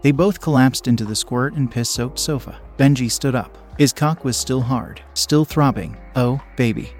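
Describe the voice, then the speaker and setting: A man reads an erotic story aloud in a steady, unhurried way. His voice sits at an ordinary middle pitch. Soft music plays quietly beneath him. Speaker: narrator. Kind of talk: scripted erotic story narration.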